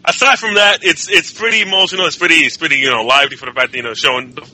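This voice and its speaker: A man's voice: fairly high pitch, fairly even intonation, racing, sharp tone, poor audio. A man co-hosting a casual comic book chat, rambling and puzzled, often repeating himself. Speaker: podcast co-host.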